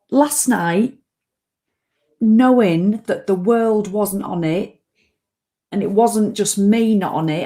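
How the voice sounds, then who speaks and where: A woman's voice: mid-range voice, warm tone. Rambling, emotional woman vlogging. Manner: rambling, emotional, acts out her own anxious thoughts. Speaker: online business owner and vlogger. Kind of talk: casual reflective talk to camera.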